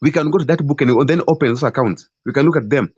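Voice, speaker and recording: Impassioned Kenyan man, husky and lo-fi. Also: a little high, fast talker, a little mellow, no echo. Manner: passionate, repeats and restarts words often. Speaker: debate participant. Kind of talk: political debate speech. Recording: dull, lo-fi online call audio.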